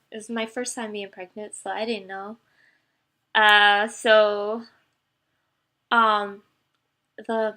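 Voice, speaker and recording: A young woman vlogger tells a personal story straight to camera, her mid-range voice bright and forceful but wavering as she fights back tears. Emotional and close to crying, she keeps halting and restarting with "um" and "like."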